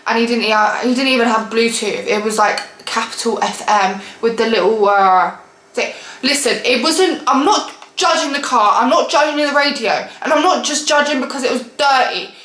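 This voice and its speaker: A young woman telling a storytime vlog story in an animated, exasperated way and laughing often. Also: fairly high pitch, reverberant, low-quality recording. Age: young adult. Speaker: vlogger.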